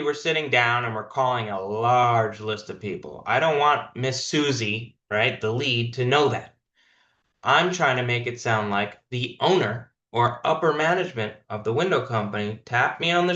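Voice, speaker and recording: A sales manager, a man with a bright, pushing voice, walks his callers through a phone pitch and drives his points home by repeating them. His call audio sounds roomy and a bit dull, as if picked up from across a room. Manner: direct, coaching, repeats points for emphasis. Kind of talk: coaching a sales team on a video call. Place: online team meeting.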